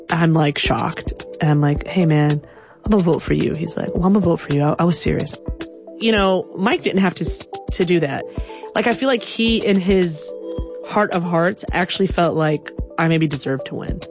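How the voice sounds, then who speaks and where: Animated woman telling a personal story. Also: lowish voice. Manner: animated, acts out voices, filler "like".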